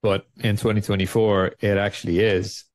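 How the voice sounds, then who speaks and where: A man's voice: on the low side, flat delivery, normal speed. A man co-hosting a trading show, chatting casually and jokingly about markets, rambling and laughing often. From Ireland.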